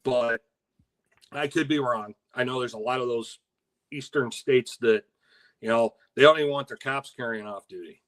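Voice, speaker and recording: A man's voice: mid-range voice, moderate pace, fairly bright tone. An older man co-hosting a casual talk stream, easygoing, with fillers and frequent laughs. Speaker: co-host. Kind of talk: casual chat.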